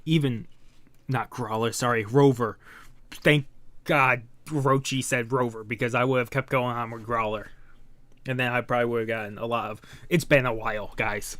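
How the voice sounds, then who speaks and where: A man's voice: medium pitch, fairly even intonation, normal speed, fairly bright tone, no echo. Rambling man reading a manga aloud. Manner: rambling, self-correcting. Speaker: manga reaction YouTuber. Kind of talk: casual reading and commentary.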